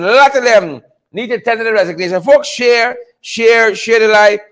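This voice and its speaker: A man hosting a livestream, animated and repetitive, laughing often and greeting viewers by name. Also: extremely high pitch, moderate pace. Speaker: livestream host. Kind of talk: casual livestream commentary.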